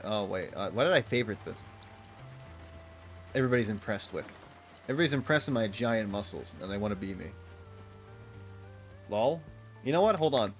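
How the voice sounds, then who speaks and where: Young male streamer, rambling and self-mocking, casual chat over faint music. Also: fairly low pitch. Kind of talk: casual gameplay chat with viewers.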